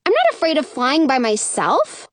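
A woman's voice: normal speed, no echo. A woman reading aloud voices a bold, teasing young boy who dares his older sister. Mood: taunting. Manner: taunting, high and lively.

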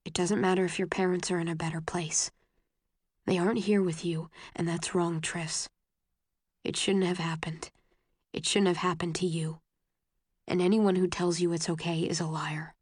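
A tender young man murmurs in a soft, low whisper, steady and protective, as a woman reads him aloud. The sound is close and dry, with no room around it. He keeps his voice level and quiet. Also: normal speed, no echo, lightly acted. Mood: consoling.

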